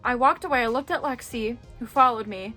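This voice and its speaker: A chatty young woman with a fairly high voice tells a story straight to camera, animated and loose, swearing as she goes. She acts out what everyone said, and soft music plays faintly underneath. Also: brisk. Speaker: vlogger. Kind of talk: casual storytelling.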